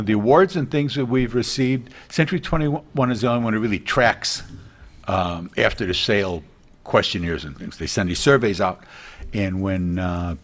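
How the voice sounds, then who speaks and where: A middle-aged man speaks in a fairly low voice on a morning TV show. He rambles earnestly, starting sentences over and over, like a realtor guest chatting casually. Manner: rambling, earnest, many restarts. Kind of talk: casual TV interview chat.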